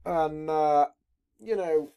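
A man's voice: on the high side, very slow, mellow, smooth. A man hosting a podcast in a rambling casual chat, swearing constantly. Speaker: podcast host.

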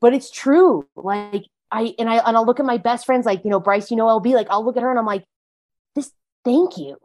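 A woman's voice: a little high, fast talker, darkish tone. Chatty woman guest, candid and emphatic. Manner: chatty and emphatic, heavy use of "like". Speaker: podcast guest sharing her recovery story. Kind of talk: casual conversational interview.

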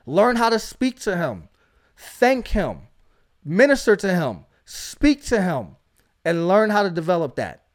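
Male preacher-host, high voice, emphatic exhorting delivery with lots of call-outs. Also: sing-song, a little slow. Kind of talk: energetic preaching.

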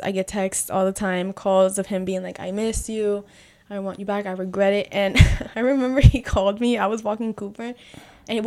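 Young adult woman, podcast guest, animated storyteller, average pitch. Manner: animated storyteller, acts out quoted dialogue. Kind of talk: casual chat.

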